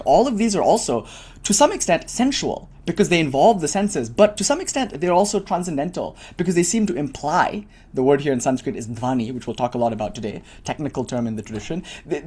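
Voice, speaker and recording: A man teaching a weekly class, giving an earnest spoken lecture full of animated explaining and frequent asides. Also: mid-range voice, husky.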